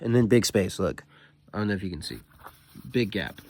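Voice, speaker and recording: A man's voice: fairly low pitch, expressive, moderate pace, a little mellow. A man hosting a casual book read-through, paraphrasing scenes in a slangy, laid-back way full of "dude" and "like".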